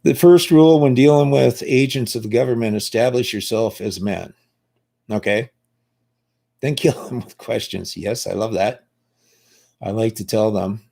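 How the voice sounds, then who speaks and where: Older man, low husky voice, blunt and foul-mouthed, rambling casual monologue. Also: dark tone. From Canada.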